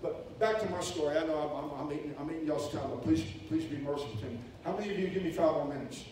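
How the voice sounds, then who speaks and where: A man preaching a sermon, telling a story with energy and loudly acting out the voices in it. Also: on the high side, fast talker. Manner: animated, acts out quoted voices loudly. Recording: echoey hall, distant mic, faint hiss.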